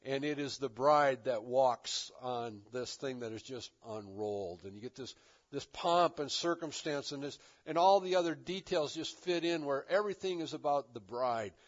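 A pastor giving an expository sermon in a relaxed, conversational manner, often pausing to restart a phrase. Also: male voice, mid-range voice, muffled recording. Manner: conversational preaching with frequent "kinda" and restarts.

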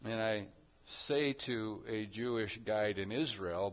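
A man preaching a sermon as pastor, moving between quiet reflective passages and loud, emphatic declarations. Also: on the low side, slow pace, muffled recording.

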